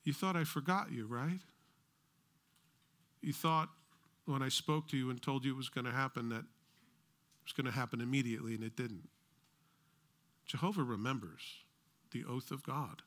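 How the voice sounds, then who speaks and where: A man's voice: mid-range voice, normal speed, long pauses, fairly bright tone. A middle-aged American man preaching a sermon as pastor, conversational with joking asides.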